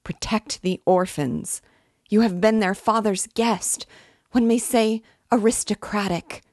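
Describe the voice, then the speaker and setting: A woman reading aloud gives voice to a proud mother dying in delirium, her voice hoarse and gasping. She rambles feverishly and breaks into cries. The voice sits low and grainy, and the close sound is dry. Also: slow, no echo, exaggerated voice. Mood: anguished. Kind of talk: audiobook character reading.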